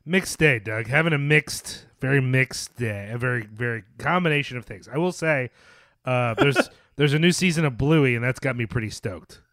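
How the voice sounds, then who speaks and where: A man co-hosting a podcast in casual chat, with a wry, teasing manner and deadpan put-downs. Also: mid-range voice, normal speed, dry recording, clean studio sound. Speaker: podcast co-host.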